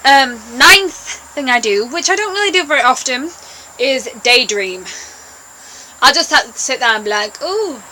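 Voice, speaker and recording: A woman's voice: high-pitched, animated, moderate pace, sharp tone, slight background noise, rough recording. A young woman vlogging to camera in a bubbly, rambling, playful way. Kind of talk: casual chat to camera.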